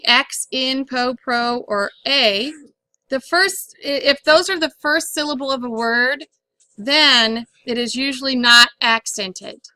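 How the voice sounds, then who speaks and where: Female teacher, patient and deliberate, bright and slightly high, dry close recording. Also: no echo. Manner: slow, patient, enunciates words syllable by syllable. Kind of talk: classroom phonics lesson.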